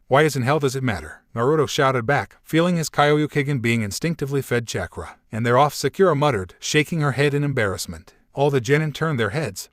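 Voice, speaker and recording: A man narrating a fan fiction story in an even, steady, synthetic-sounding read. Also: medium pitch, no echo, clean studio sound.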